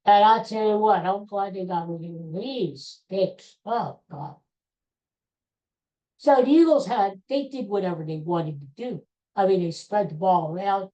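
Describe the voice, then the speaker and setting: Here a middle-aged podcast host talks by herself in a casual, rambling way, full of restarts and asides, with blunt takes on sports. Her mid-range voice is a little slow and dark in tone, and the audio is dull.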